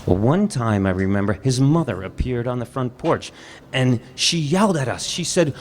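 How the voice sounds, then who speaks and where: A man performing a reflective personal story live on stage, measured and pausing. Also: medium pitch, sing-song, a little hiss or hum.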